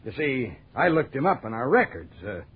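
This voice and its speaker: An actor playing a boastful, chuckling prison governor in a 1940s radio drama, heard over a tinny old broadcast. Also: male voice, mid-range voice, big pitch swings, moderate pace, husky. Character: boastful American prison governor, middle-aged man.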